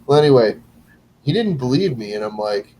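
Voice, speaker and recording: A man's voice: mid-range voice, big pitch swings, a little fast, darkish tone, a little hiss or hum, low-quality recording. A man chatting casually, telling a rambling story with frequent laughs and restarts.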